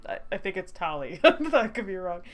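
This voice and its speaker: A woman's voice: medium pitch, big pitch swings, normal speed, soft background music. A woman streaming a story game, reading the narration aloud and breaking into giggly, self-mocking asides.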